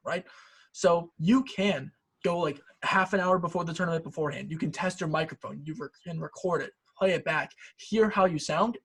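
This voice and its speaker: A man's voice: on the high side, breathy edge. A young man casually explaining advice in an online debate workshop over a video call, with plenty of fillers. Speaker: debate instructor. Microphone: computer mic on a video call.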